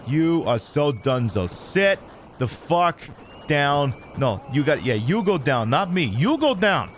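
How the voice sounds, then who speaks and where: A man's voice: on the high side, measured pace, a little hiss or hum. A man streaming a video game, trash-talking the opponents with lots of swearing. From United States. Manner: trash-talking, profane, excitable. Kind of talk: live gameplay commentary.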